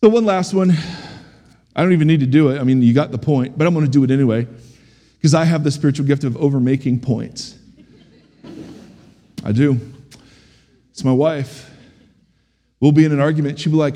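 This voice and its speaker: A middle-aged man preaching a sermon as a pastor, animated and humorous, asking the congregation questions. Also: a little high, brisk, pauses often. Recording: long hall reverb.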